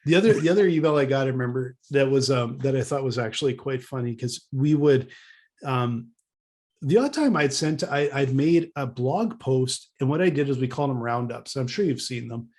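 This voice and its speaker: A man's voice: mid-range voice, animated, moderate pace, darkish tone. Rambling podcast co-host man. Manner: rambling, many restarts, dry laughs. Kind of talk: casual podcast chat.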